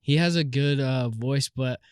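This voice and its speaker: A man's voice: medium pitch, unhurried, a little mellow, clear, resonant tone, no echo, studio quality. Young man co-hosting, laughing and mumbling. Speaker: podcast co-host. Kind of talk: casual chat.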